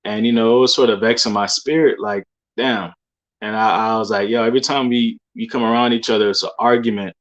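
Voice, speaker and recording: Rambling low-voiced man telling his dreams. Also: fairly even intonation, fairly quick, highs cut off. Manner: loose, rambling street slang with many fillers. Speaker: believer sharing dreams. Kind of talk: casual testimony monologue.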